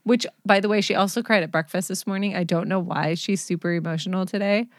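A woman's voice: mid-range voice, steady tone, fast, no echo, studio quality. A woman in her forties, a mother co-hosting a podcast from home, telling stories bluntly and laughing often. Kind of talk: casual chat.

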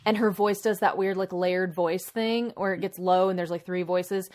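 A woman co-hosting a casual chat, retelling a movie plot in a rambling, animated way full of asides. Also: lowish voice, moderate pace. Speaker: podcast co-host.

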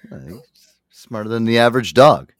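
A man hosting a live show from his home studio, telling a long story in a profane, animated way. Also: mid-range voice, moderate pace, no echo. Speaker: radio show host. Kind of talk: casual live radio banter.

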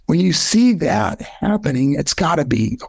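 An older man, a podcast guest, telling a heartfelt personal story in an earnest way, his voice climbing high when he is moved. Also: sing-song, unhurried, gravelly, a little mellow, husky, dry recording.

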